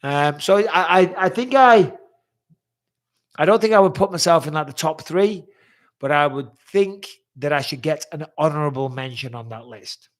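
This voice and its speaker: A man's voice: a little high, animated, normal speed. A middle-aged man hosting a live stream, reading viewer questions and answering bluntly with frequent swearing. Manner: blunt, swears freely, reads questions aloud.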